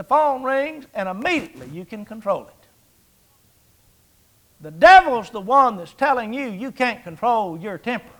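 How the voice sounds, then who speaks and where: High-voiced older man preaching a folksy sermon. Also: lively intonation, normal speed, a bit bright. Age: 60s. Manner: folksy, conversational, jokes and rhetorical questions.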